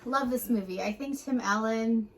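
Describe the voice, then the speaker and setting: A woman's voice: on the high side, normal speed, slight background noise. A woman in her late thirties co-hosting a casual movie reaction chat, talking with many fillers. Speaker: co-host.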